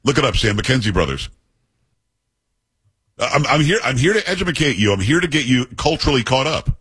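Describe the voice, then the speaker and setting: Middle-aged male talk host, husky, casual banter with a teasing streak, dry close studio sound. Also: mid-range voice, big pitch swings, brisk, fairly bright tone, no room sound. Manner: chatty, joking, teasing asides.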